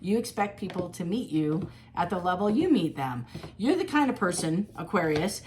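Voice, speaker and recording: A woman reading tarot cards in a casual, animated monologue, acting out quoted voices and laughing often. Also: fairly low pitch, moderate pace, slight background noise. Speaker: tarot reader.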